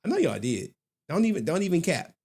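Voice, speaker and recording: A man's voice: a little high, sing-song, fairly quick, dark tone, slightly rough. A man hosting a live stream in casual commentary, slangy and laughing, with repeated asides.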